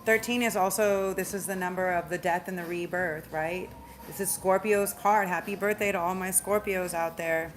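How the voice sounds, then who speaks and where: Woman, slight Southern drawl, casual tarot reader; emphatic, repeats herself, rushes and stumbles now and then. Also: lowish voice, steady tone, slight background noise. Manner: chatty, emphatic, repeats phrases, speeds up and stumbles at times. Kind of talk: casual spiritual tarot reading.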